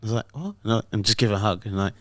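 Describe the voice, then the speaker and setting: A middle-aged man with a slightly low voice chats loosely, wandering through stories with lots of fillers. The sound is dry and close, with no room around it. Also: racing, fairly bright tone, no room sound. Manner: rambling, storytelling with many fillers. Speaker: podcast host. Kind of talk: casual podcast chat.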